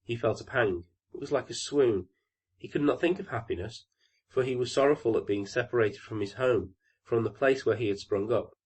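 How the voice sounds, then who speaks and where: A man reads a classic fairy tale aloud in a calm, steady storytelling voice. His voice sits in an ordinary middle range for a man, and he keeps it even through the narration. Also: medium pitch, normal speed, slightly rough. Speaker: audiobook narrator.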